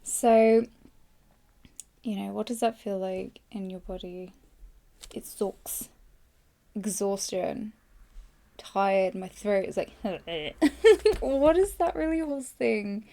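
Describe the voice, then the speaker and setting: A young woman hosting a podcast, hoarse and tired, rambling through a casual live journaling session close to the mic. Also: medium pitch, dark tone. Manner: rambling, filler-heavy, self-deprecating. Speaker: podcast host. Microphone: close microphone.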